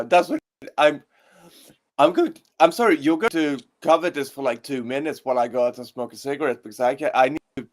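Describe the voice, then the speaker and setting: A woman co-hosting a casual podcast, swearing a lot and so helpless with laughter that she is crying. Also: deep voice. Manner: swears constantly, breaks down laughing. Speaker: podcast co-host.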